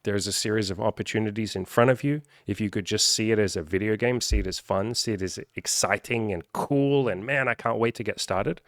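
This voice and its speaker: Guy with a lowish voice ranting to camera, lots of swearing, dry close sound. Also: fairly quick, few pauses, no room sound. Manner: profane, animated, acts out quoted voices. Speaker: self-improvement coach. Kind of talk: casual direct-to-camera vlog.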